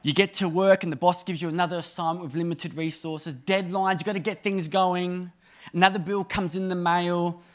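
A man in his thirties delivering a sermon with a high, light voice. His manner is chatty and funny, swinging between emphatic bursts and hushed asides. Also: steady tone, normal speed. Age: 30s. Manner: conversational and humorous, with sudden emphatic rises and soft drops. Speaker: preacher.

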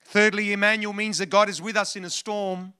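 A man's voice: high voice, level tone, fairly quick, sharp tone, clear, resonant tone. A man preaching a sermon in a church, often restarting phrases and calling on the congregation to respond. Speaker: pastor.

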